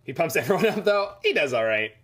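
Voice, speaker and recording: A man's voice: on the high side, sing-song, quick pace, fairly bright tone, slightly rough. A man streaming a game, chatting casually and rambling as he reads the chat aloud. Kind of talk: casual live-stream chat over gameplay.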